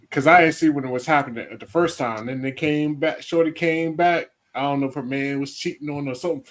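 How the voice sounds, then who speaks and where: A man co-hosting a casual live chat show, telling animated stories and acting out other people's voices with lots of laughter. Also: a little high, quick pace, hardly any pauses. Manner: animated storyteller, acts out voices, laughs often. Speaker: co-host.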